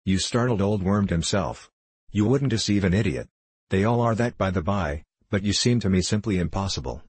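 A man's voice: low voice, expressive, moderate pace, a little mellow, husky, dry recording. A man reading the part of a mocking, condescending middle-aged diplomat, speaking sharply and cynically. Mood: sneering.

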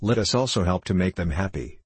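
Two eager young fairy ladies of a storybook court, warm-hearted and willing to help, in a low, husky voice, as a man reads them. The voice sits close in a dry room. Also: expressive, brisk, no room sound. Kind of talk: storybook reading.

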